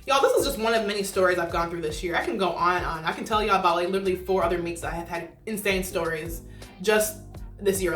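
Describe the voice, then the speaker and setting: Young woman vlogger, low-pitched and quick, casual storytelling in a roomy space. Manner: animated, acts out quoted people. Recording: echoey room.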